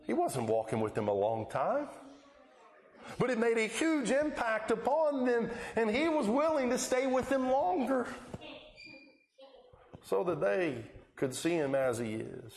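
A man with a high voice preaching a sermon, telling the old stories and slipping into the voices of their people. His voice rings out in an echoey room. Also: big pitch swings, measured pace. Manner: storytelling, acting out the Bible scenes in quoted voices.

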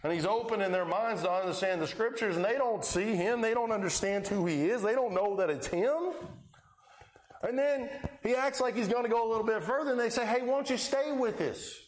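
A man with a high-sitting voice preaches a sermon at a slightly fast pace, the sound roomy with slight background noise. In a storytelling manner he recounts Bible stories and acts out the characters' lines in quoted voices.

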